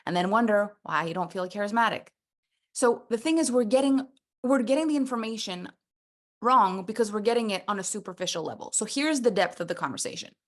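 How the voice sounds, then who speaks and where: A woman coaches a personal development workshop, animated and playful, acting out little scenes as she teaches. She speaks briskly in a medium-pitched voice.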